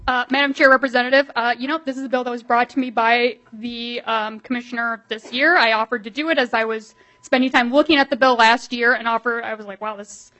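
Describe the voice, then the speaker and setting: Midwestern woman lawmaker, brisk and lively, higher-pitched, speaking at a committee hearing. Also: low-quality recording. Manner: quick, animated, filler-heavy delivery. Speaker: state legislator presenting a bill.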